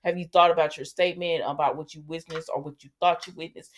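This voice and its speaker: A woman's voice: low voice, fairly even intonation, brisk, few pauses. A woman hosting a casual soap opera recap, chatty and sassy, talking back to the characters.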